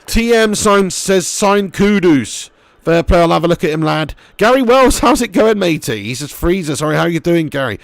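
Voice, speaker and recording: A young man live-streaming a football game, commentating excitably, swearing freely and chatting with viewers. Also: high voice, moderate pace, gravelly, no room sound, studio quality.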